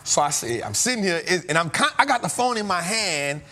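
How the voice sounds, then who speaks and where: A man's voice: high voice, sing-song, fairly quick, pushed and bright. A man hosting a trading show, telling a story in a casual, slangy way and laughing often.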